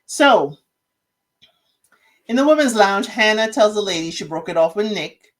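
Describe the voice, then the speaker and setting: A woman recapping a reality show in casual chat, retelling scenes with lively, acted-out quotes. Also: mid-range voice, a little slow. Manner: animated storytelling, acting out quotes.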